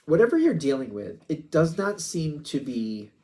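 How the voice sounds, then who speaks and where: A man's voice: on the high side, sing-song, moderate pace, warm tone. A man giving a casual tarot reading, musing aloud and acting out quoted back-and-forths. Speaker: tarot reader.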